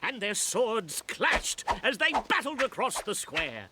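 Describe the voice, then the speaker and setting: An actor voicing an eager, bashful grown-up male hippo in a cartoon, stammering and easily flattered. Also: high voice, measured pace, very noisy. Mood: theatrical. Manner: bashful, stammering, easily flattered, theatrical when reading aloud.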